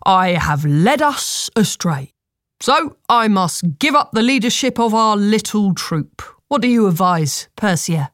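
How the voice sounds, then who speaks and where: Easygoing joking dad, read by a woman, slow and dry storybook voice. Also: a little high, big pitch swings, dry recording. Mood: playful. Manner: light playful mockery. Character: easygoing young father, gently mocking. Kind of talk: storybook reading.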